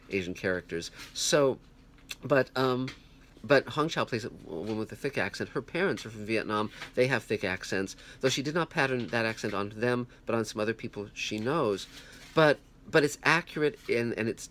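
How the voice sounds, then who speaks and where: Man host, lowish voice, earnest rambling film review, faint hiss behind. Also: fairly bright tone. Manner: halting, many restarts and fillers, earnest. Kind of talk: casual spoken film review. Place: home, puppies heard nearby. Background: puppies growling.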